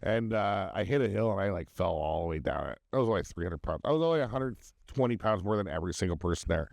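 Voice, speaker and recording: A man's voice: sits low, animated, fast, creaky, a little mellow, dry recording, studio quality. A man in his thirties co-hosting a casual drinking podcast, telling profane, giggly stories. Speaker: podcast co-host.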